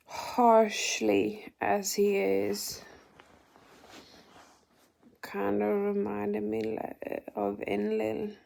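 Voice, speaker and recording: A woman vlogger recounts a spiritual experience in an indignant monologue, cursing and sometimes slipping into a whisper. Her voice is gravelly and dark, and she keeps her delivery flat and very slow. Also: mid-range voice. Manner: indignant, swearing, partly whispered.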